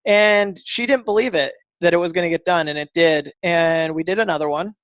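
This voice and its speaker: A man guesting on a podcast, telling a story animatedly, acting out dialogue with fillers and quick restarts. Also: fairly high pitch, a bit bright, dry recording, lo-fi sound. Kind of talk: casual storytelling interview.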